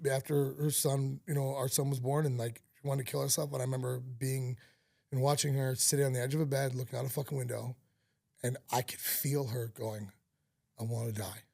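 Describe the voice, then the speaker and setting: A man of middle pitch with a gravelly edge hosts a casual podcast talk. He speaks candidly and from the heart as he tells a personal story, close and dry on the mic. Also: warm tone, no room sound. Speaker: podcast host.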